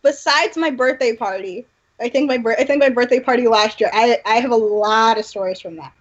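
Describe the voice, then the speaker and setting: A young woman with a high voice tells animated stories, acting out the quotes as she goes. She is a podcast guest heard through dull, lo-fi audio. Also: brisk. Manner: animated, storytelling with quoted dialogue. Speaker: guest performer. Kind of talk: casual interview chat.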